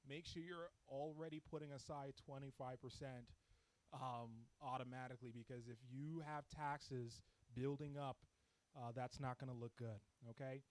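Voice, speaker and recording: A man's voice: medium pitch, fairly even intonation, normal speed, rough recording. A man speaking to a congregation about finances in a conversational way, often checking in with the audience. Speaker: church seminar speaker. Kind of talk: practical finance talk to a congregation.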